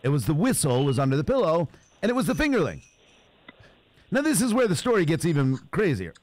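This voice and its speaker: A man's voice: on the high side, a little fast, no echo. A man hosting a radio show, telling a comic story with lots of laughter. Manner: animated storyteller, laughs often, puts on cooing baby talk to a toy. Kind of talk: casual comedic storytelling.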